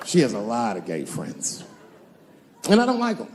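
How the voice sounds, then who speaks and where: Brash stand-up comic, noisy live recording. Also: male voice, medium pitch, wildly swooping pitch, normal speed, crowd noise. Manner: swaggering, swings loud and soft for punchlines. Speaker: stand-up comedian. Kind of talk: stand-up comedy.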